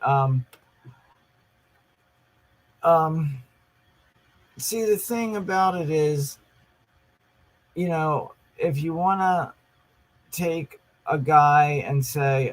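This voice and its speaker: A man calmly explaining true-crime facts in a casual chat, with many ums and you-knows. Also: on the high side, poor audio. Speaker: podcast co-host.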